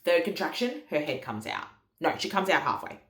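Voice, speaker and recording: A woman's voice: fairly low pitch, sing-song, moderate pace, a bit bright, roomy sound. A woman, telling a story in a chatty, casual way with lots of fillers. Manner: chatty, many fillers and quoted dialogue. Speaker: vlogger.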